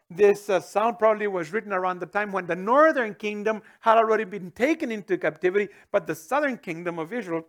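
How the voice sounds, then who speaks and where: A middle-aged man preaching a sermon, asking the congregation questions and swinging into sudden loud outbursts. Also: high-pitched. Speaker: pastor.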